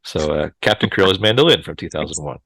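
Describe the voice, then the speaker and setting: A man's voice: deep voice, expressive, quick pace, a bit bright, slightly rough, dry recording. Laughing male podcast host. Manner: laughs often, moderates turns. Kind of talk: casual movie podcast chat.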